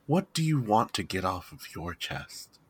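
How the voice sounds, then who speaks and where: A man voicing a gentle male priest in a tabletop game, speaking softly, solemnly and coaxingly. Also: fairly low pitch, very animated, a little slow, slight background noise.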